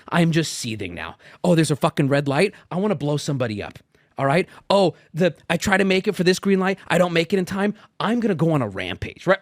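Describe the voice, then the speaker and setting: A man in his thirties telling a long story in a casual, animated way, swearing and acting out the exasperated dialogue. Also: sits high, dry recording, studio quality.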